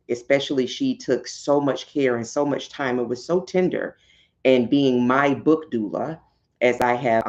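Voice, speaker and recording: A woman's voice: a bass voice, vocal fry, highs cut off. A woman author hosting a live book launch stream, chatting effusively with viewers and reading from her book. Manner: effusive, warm and chatty, addresses viewers directly. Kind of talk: casual livestream chat and reading aloud.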